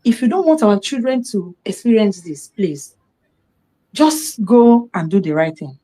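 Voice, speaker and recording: Animated Nigerian woman telling a story. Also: medium pitch, a little slow, poor audio. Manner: animated storytelling, acting out dialogue. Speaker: storyteller sharing a personal account. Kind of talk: impassioned personal testimony.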